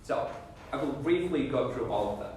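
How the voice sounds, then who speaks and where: A man lectures a class on debate judging, frequently checking in with "okay?" and "right?" His medium-pitched voice has lively intonation at a normal speed. Recorded in an echoey lecture room, he sounds far from the mic, with faint background noise.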